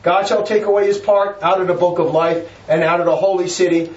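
A man's voice: high voice, fairly even intonation, brisk, reverberant, distant mic, highs cut off. A man preaching a fiery, emphatic sermon, hammering his points with repetition.

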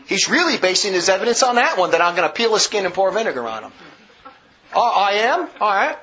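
A religious commentator delivers a vehement, combative polemical monologue, speaking briskly with heavy emphasis. His high voice is very animated, pushed, and bright, captured on a dull lo-fi recording.

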